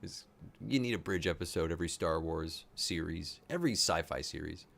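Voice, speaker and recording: A man hosting a live episode reaction, an excitable fan who is tired and a little out of it late at night. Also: low-pitched, normal speed, creaky. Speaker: show host.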